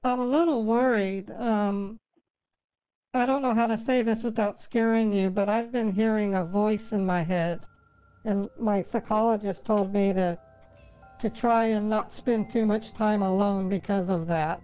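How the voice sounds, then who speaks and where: A man's voice: sits high, steady tone, unhurried, darkish tone, smooth, soft background music. A man voicing a fragile, rambling woman who sobs with grief and then chatters on sweetly. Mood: chatty, sweet. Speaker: scambaiter.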